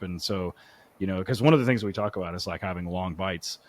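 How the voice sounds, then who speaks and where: Casting: low male voice, joking and profane podcast co-host. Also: fairly even intonation, fairly quick. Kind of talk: casual podcast chat.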